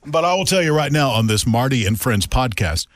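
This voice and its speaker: A man's voice: medium pitch, a little fast, no echo. A man hosting a podcast in casual, joking chat with a friend, recorded in a radio station studio. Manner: chatty, animated, joking. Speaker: podcast host.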